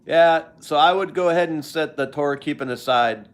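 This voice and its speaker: A man's voice: a little high, normal speed. An older man hosting a live stream, chatting casually with viewers in a rambling, joking way.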